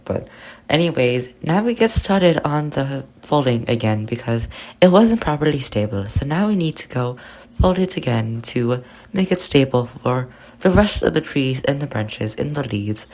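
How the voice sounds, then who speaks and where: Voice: mid-range voice, a little mellow. A crafting vlogger narrating their own paper project in a rambling, chatty, self-mocking way. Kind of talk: casual narrated crafting vlog.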